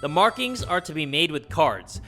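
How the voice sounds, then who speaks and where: Young male gaming host, rowdy, high and brassy, music bed under the commentary. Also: normal speed. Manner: loud, excitable, yells and swears at the game; reads game text aloud in a narrating voice. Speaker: gaming YouTuber. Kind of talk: let's play commentary.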